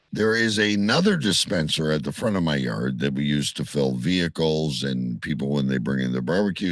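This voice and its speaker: A middle-aged man co-hosting a casual chat, telling animated stories and swearing freely. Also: extremely low pitch, no echo.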